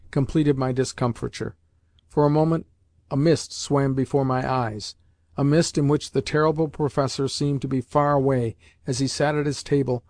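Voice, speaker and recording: Man, audiobook narrator, measured scripted narration, mid pitch, dry close sound. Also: a little mellow, no room sound.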